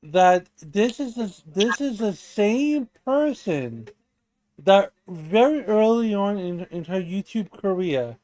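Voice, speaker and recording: A man's voice: high-pitched, expressive, slow, darkish tone, no echo. A man hosting a casual livestream chat, joking, pleading and poking fun at himself. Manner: jokey, pleading, self-deprecating. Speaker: stream host.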